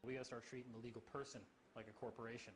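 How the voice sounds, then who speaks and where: A man telling a story in casual talk, anecdotal and halting, with many fillers. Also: mid-range voice, level tone, over music, poor audio.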